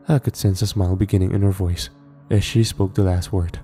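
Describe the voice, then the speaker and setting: A man narrating a horror story in a measured storytelling manner. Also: low-pitched, fairly even intonation, dark tone, soft background music.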